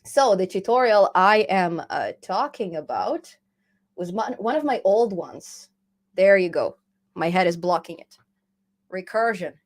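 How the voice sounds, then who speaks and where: A woman hosting a casual live stream about programming. She is chatty and laughs often, reading viewer comments aloud and answering them in an easy, relaxed flow. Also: medium pitch, measured pace. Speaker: programming channel host.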